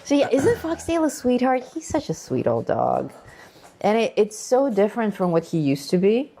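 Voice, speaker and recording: A woman co-hosting a gaming stream in casual chat, animated and thanking viewers by name. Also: mid-range voice, moderate pace. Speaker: co-host of a gaming channel.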